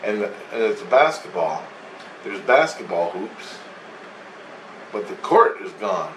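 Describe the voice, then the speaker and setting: A man's voice: fairly low pitch, big pitch swings, slow pace, fairly bright tone. A man casually recounting a dream, meandering and swearing freely as he goes. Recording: echoey room, distant mic, faint hum.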